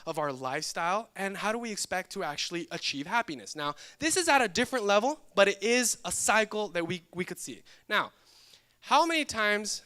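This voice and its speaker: A young man preaching a sermon to a church audience, talking in a lively, joking way and teasing his listeners. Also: high voice, smooth. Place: church hall with live audience.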